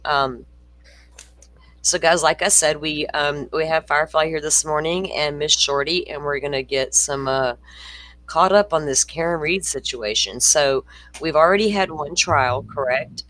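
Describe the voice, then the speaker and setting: A man's voice: on the high side, a little slow, pushed and bright, slight background noise, low-quality recording. A man hosting a true-crime livestream in loose, rambling casual chat. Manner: loose, rambling, friendly, many fillers. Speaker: livestream host.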